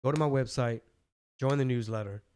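A man hosting a podcast in casual political chat, animated and slangy, often restarting his sentences. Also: mid-range voice, brisk, clean tone. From Texas. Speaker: podcast host.

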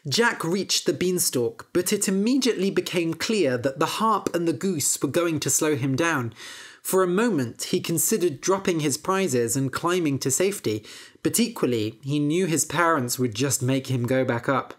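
A woman reading a fairy tale aloud as a storyteller, slow, clear and expressive for English learners. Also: low voice.

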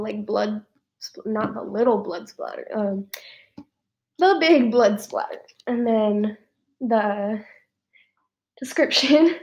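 Casual woman vlogger, emphatic, slow and fairly high, on a dull lo-fi recording. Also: vocal fry, darkish tone. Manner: emphatic, repeats herself, laughs between words. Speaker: fan fiction writer and vlogger. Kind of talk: casual unboxing vlog.

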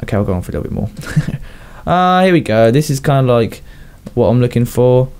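Rambling Southern English lad gaming. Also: male voice, medium pitch, expressive, brisk, darkish tone, clean tone. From southern England. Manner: rambling, self-chatting, laughs at his own jokes. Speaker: gaming YouTuber. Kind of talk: casual Minecraft commentary.

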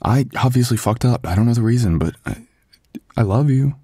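A man's voice: medium pitch, expressive, fairly quick, dark tone, breathy edge, no echo, studio quality. A man voicing a loving young husband in an ASMR boyfriend role-play, stammering and soothing as he apologizes. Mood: worried.

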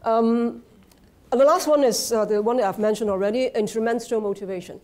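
A woman's voice: fairly high pitch, mellow. Hong kong lady lecturing, lots of uh and um, restarts herself, checks in with the room. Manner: halting, many fillers and restarts; conversational, asks the audience "right?". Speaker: guest lecturer. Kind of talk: academic lecture. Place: lecture hall.

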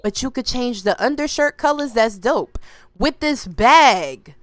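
A young woman who runs a gaming YouTube channel speaks in a fairly high, slightly slow voice with clean, echo-free studio sound. She plays a life-sim game and chats to viewers in an animated, slangy way while picking out outfits.

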